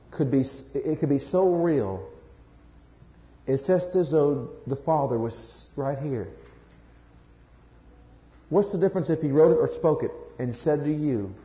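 A man preaching a sermon to a congregation, swinging from loud high emphasis to hushed low scripture quotes and sometimes stumbling over words. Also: reverberant, dull audio. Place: church congregation.

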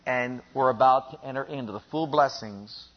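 A man preaching a sermon in an animated way, building to emphatic peaks and then dropping low. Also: normal speed. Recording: dull lo-fi recording.

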